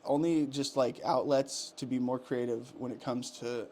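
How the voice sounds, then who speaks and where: A man's voice: medium pitch, fairly even intonation, moderate pace, warm tone. A man in his thirties ranting heatedly on a podcast, profane and rambling, with many restarts. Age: 30s. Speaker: podcast co-host. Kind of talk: casual ranting chat.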